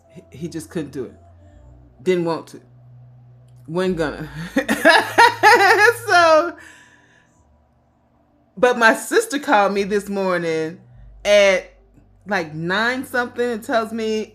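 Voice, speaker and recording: A woman in her fifties telling a casual story to camera, chatty and quick to laugh. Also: on the low side. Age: 50s. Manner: chatty, laughs often, quotes others in animated voices. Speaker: vlogger.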